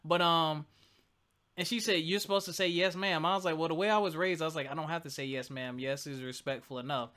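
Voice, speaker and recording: Wry, bright-voiced man in his thirties. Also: fairly high pitch, steady tone, fast talker. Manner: wry, laughing storyteller. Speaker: podcast co-host. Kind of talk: casual chat.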